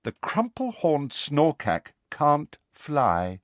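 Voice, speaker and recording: A man voicing a dreamy, serene teenage girl in an audiobook, calm and matter-of-fact. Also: a little high, drawn-out words, no echo, pitched above the performer's own voice, exaggerated voice. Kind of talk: audiobook reading.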